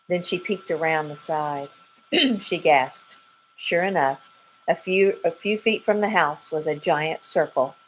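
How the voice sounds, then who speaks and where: A woman teacher reading a children's book aloud with soft, expressive storytelling. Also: low voice, a little hiss or hum, low-quality recording. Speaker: 3rd grade teacher.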